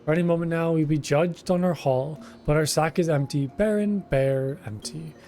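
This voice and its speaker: A man's voice: fairly high pitch, normal speed, warm tone, soft background music, lightly acted. A man voicing a whiny, self-pitying male kobold foreman who repeats himself in strings of synonyms. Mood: lamenting. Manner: repeats words in lists of synonyms, pleading.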